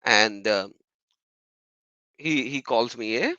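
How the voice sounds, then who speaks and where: A man talks straight to his viewers in an emphatic, insistent way, circling back to the same points and firing off rhetorical questions. His voice is bright and forceful, and the recording is close and dry. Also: mid-range voice, takes it slowly, no room sound, highs cut off. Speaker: YouTuber responding to comments. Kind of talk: monologue commentary vlog.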